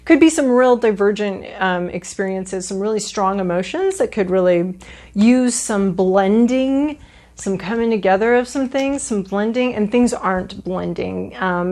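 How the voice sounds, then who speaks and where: A woman's voice: medium pitch, darkish tone. A woman giving a casual tarot reading, rambling with many fillers and restarts and playful asides. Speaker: tarot reader.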